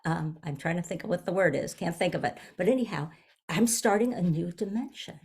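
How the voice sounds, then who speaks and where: A woman in her seventies, a minister giving a gentle, reflective sermon, often pausing and restarting her phrases. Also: fairly low pitch, animated, slightly rough. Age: 70s. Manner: gentle, searching, with frequent restarts. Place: online service.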